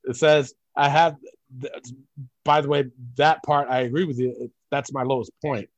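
Man from puerto rico, podcast co-host, blunt, swearing, animated rants, dry dull mic. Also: mid-range voice, normal speed, no room sound. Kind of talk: casual podcast chat.

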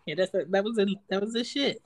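A woman's voice: mid-range voice, no echo. Woman, co-host, casual slangy chat, dry close sound. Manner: animated, slangy, jumps in with quick quotes. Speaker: podcast co-host.

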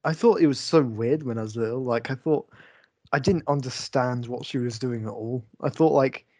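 A man chatting on a film review podcast, hesitant and loaded with fillers as he gathers his thoughts. The sound is dry and close, with no room around it. His pitch sits in an ordinary middle range. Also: moderate pace, darkish tone, dry recording. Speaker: podcast co-host. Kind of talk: casual film review chat.

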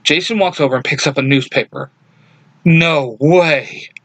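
A young man reading a fan story aloud, lively, shifting his voice for each character. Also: medium pitch, quick pace, creaky, dry recording. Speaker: fan fiction reader.

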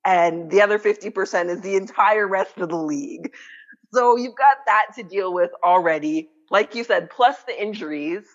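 A woman's voice: medium pitch, normal speed. Canadian woman ranting about sports, opinionated, lots of likes, muffled lo-fi sound. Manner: opinionated, emphatic, lots of "like" fillers. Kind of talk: casual sports chat. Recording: dull lo-fi audio.

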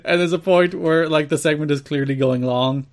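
A man co-hosting a casual podcast, eagerly recounting old wrestling shows and dropping into quick impressions. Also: on the high side. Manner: enthusiastic, retells matches with quick impressions. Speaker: podcast co-host.

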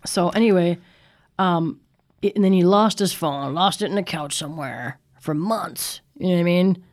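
A mother in casual chat, telling stories in an animated, profane way. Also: lowish voice, moderate pace. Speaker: mother of young kids.

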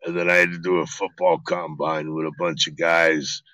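A middle-aged man, an actor being interviewed, telling stories in a casual, animated and profane way, acting out quotes. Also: sits low, moderate pace, no room sound, low-quality recording. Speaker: actor guest.

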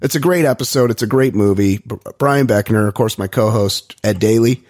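A man hosting a podcast in casual chat, profane, teasing and animated, talking into a studio microphone. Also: lowish voice, a little fast. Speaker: podcast host.

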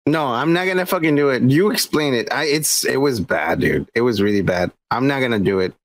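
A man's voice: medium pitch, animated, fairly quick, dry recording. A man co-hosting a podcast, bantering crudely and laughing often. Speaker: podcast co-host. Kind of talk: casual chat.

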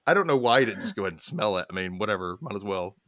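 A man's voice: low voice, racing, no echo, studio quality. A man telling family stories in a casual conversation, laughing often and acting out the people he quotes. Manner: animated storyteller, laughs often, acts out quoted voices. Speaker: guest.

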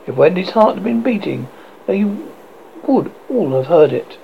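A narrator reading a storybook aloud, halting now and then with restarts, in a dull lo-fi recording. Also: mid-range voice, very animated, vocal fry, slight background noise.

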